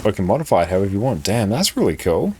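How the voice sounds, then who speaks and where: A man chatting casually with his viewers while he plays, relaxed and reacting to their messages. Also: lowish voice, racing, slight background noise. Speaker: game streamer. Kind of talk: casual live-stream chat.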